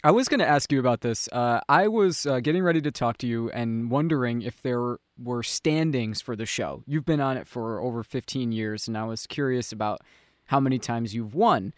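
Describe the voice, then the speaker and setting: A man's voice: mid-range voice, moderate pace, no room sound, clean studio sound. A male radio interviewer who asks curious, easygoing questions.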